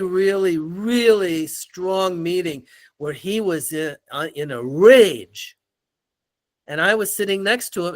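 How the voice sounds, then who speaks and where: An older man, a guest in an interview, telling animated stories and acting out the people in them. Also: sits high. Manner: animated storyteller, acts out quoted voices. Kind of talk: storytelling in an interview.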